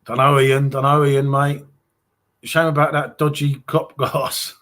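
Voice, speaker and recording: A man's voice: mid-range voice, flat delivery, unhurried, fairly bright tone. A man with an English accent hosting a live stream, chatting casually and reading out viewer comments, calling everyone mate. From England. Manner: chatty, reads viewer comments aloud, calls people mate.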